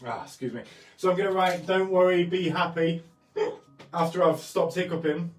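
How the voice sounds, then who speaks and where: Speaking at a normal speed in a high voice, this man runs a painting livestream and talks casually while demonstrating his art. He tends to put himself down and apologize. Faint background music can be heard, and the mic is distant in an echoey room.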